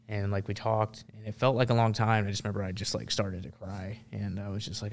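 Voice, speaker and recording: A man's voice: on the low side, little pitch movement, a little fast, vocal fry, a little hiss or hum. A man, a military veteran, telling a story as a podcast guest in a loose, rambling way full of restarts. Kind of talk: casual storytelling.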